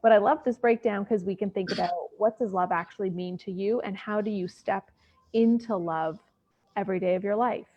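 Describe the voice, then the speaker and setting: A woman host speaks in a middle-pitched voice. She asks long, rambling questions and praises what she hears. The audio is dull and lo-fi, as over a video call. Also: fairly quick. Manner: warm, effusive, rambling questions. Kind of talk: casual chat.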